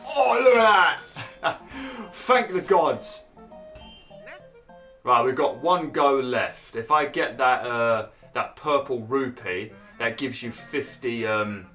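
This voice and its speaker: A young man commentating on his own gameplay in a chatty way, swearing and yelping when frustrated. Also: bright, forceful tone. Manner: bursts into high exclaims when annoyed. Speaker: gaming YouTuber. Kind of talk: Let's Play commentary.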